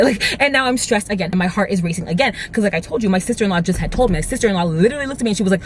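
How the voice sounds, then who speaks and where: Fast-talking young storytime vlogger. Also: mid-range voice, slight background noise. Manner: fast, rambling retelling full of "like" and "right?"; animated, swears freely. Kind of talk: storytime vlog.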